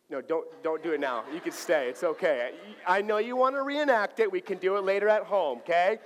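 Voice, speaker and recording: A man with a high-pitched voice preaches from the pulpit, telling a story with playful energy and acting out each exchange. His voice rings through a big church sanctuary with a long trailing reverb. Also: a little fast, hardly any pauses, a little hiss or hum. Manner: animated, acts out dialogue playfully. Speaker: pastor. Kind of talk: sermon with personal storytelling.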